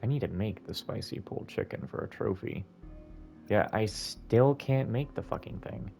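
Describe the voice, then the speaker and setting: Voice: mid-range voice, normal speed, vocal fry, warm tone, faint music behind. A game streamer talking casually to themself while playing, with some swearing and mumbling. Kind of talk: gameplay commentary.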